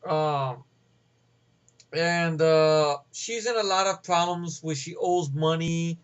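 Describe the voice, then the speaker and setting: High-voiced rambling man ranting. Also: takes it slowly, clean tone, dull audio. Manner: rambling, profane, many fillers. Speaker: movie reviewer. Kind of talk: casual movie rant.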